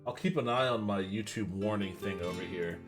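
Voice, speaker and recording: A man hosting a livestream, giving animated, casual reaction commentary that rambles and swears. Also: fairly low pitch, fairly quick, music in the background. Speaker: livestream host.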